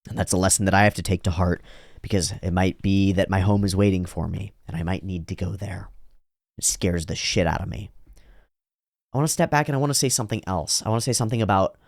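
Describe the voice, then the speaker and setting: A deep-voiced man hosts an anime reaction in studio-quality sound with no room echo. His commentary wanders as he reflects aloud, often restarting, and he uses slow, overdone voices when quoting lines.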